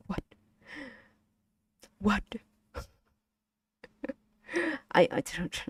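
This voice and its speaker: Woman, casual lesson stream, patient, drawn-out delivery. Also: sits low, expressive, darkish tone. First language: Vietnamese. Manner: patient, repeats and models tones, giggles often. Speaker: streamer teaching Vietnamese.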